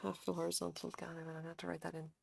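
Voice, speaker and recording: Woman streamer, low gravelly voice, dry close sound, chatty and salty, talks herself through crochet rows. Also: completely flat delivery, racing, a little mellow, dry recording. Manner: chatty, swears casually, mutters pattern notes to herself. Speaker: crochet livestreamer. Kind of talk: casual live-stream chat while crocheting.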